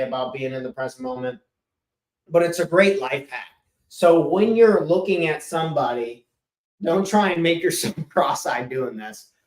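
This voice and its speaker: A man's voice: on the high side, a little mellow. Upbeat man coaching in an echoey room. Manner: casual, emphatic, drops tone at sentence ends. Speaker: business and life coach. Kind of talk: solo podcast talk. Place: room with chalkboard.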